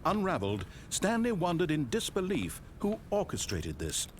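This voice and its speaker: A wry, theatrical narrator tells the tale with sweeping rises and falls in pitch. His delivery is dry and knowing. The game audio carries a clear layer of background noise. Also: huge pitch swings, moderate pace. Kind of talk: scripted narration.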